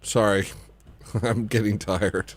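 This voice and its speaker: A man's voice: lowish voice, fairly even intonation, takes it slowly. A young man hosting a comedy livestream, rambling and joking as he reads the chat, laughing often. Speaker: livestream host.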